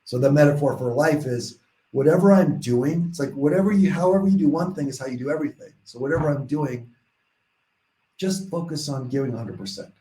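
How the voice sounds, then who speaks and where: A man telling a long personal story as a podcast guest, rambling and animated, full of restarts and quoted voices. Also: a little high, fairly quick. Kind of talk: casual storytelling in a podcast interview. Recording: echoey room.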